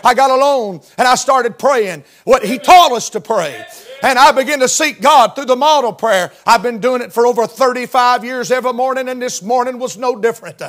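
A man in his fifties preaching a sermon with fervent delivery that swells into shouts and whoops. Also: extremely high pitch. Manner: fervent Southern-style preaching, rising to shouts.

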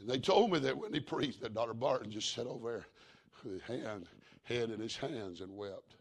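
A middle-aged man preaching a sermon in a folksy, repetitive cadence, moving from quiet storytelling to fervent preaching. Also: medium pitch, lively intonation, moderate pace, gravelly.

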